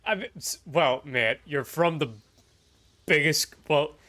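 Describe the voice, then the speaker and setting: Brief: relaxed joking guy, casual gaming chat, teasing. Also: a little high, takes it slowly. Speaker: co-player.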